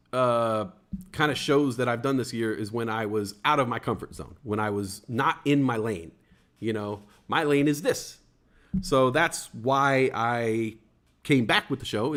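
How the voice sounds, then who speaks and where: A man's voice: mid-range voice, a bit bright. A man hosting a casual livestream talk show, rambling and joking, with many fillers and stuttered restarts. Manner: jokey, playful wordplay.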